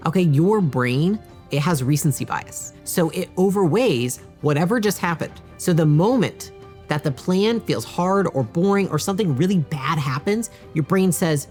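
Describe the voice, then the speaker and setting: Deep-ish woman voice, business founder talking straight at camera, blunt and emphatic, faint music behind. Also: darkish tone. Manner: direct, emphatic, coaching tone. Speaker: business founder giving advice. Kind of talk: direct-to-camera advice talk.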